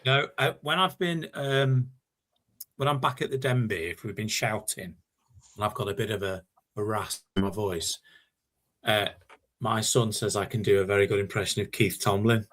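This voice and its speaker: A man in casual podcast chat, hesitant and halting with many fillers. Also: lowish voice, steady tone, fairly bright tone. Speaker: podcast panelist.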